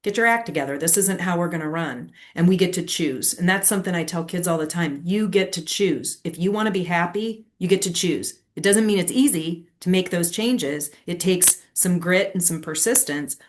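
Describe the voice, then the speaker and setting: Slightly low-voiced woman telling stories. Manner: animated storytelling with quick asides. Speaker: guest, leadership strategist and former educator. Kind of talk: conversational interview.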